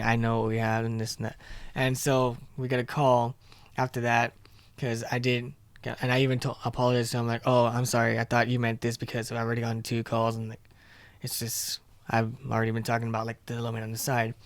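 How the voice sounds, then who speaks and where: Guy rambling through a work story on a podcast, mid-pitch voice, dead dry sound. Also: monotone, brisk, clean tone, dry recording. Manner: rambling storyteller, retells scenes with quoted dialogue. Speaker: podcast co-host. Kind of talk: casual chat.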